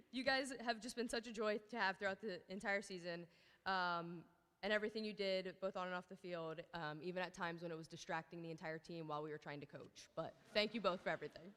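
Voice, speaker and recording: Speaking fast in a lowish, fairly bright voice, a thirties-aged girls' team coach delivers a tearful awards speech, stumbling over nervous ums and thanking many people. The PA carries her words through a large school hall, adding reverb.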